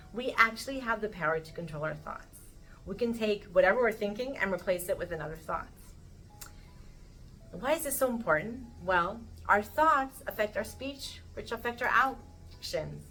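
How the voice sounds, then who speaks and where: A woman teaching a weekly Torah lesson in a casual, animated way, acting out the voices she quotes. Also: mid-range voice, poor audio.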